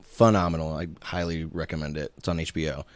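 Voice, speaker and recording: A man's voice: rumbling low, flat delivery, quick pace. A man hosting a casual comedy podcast, laughing often and swearing casually. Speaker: podcast host.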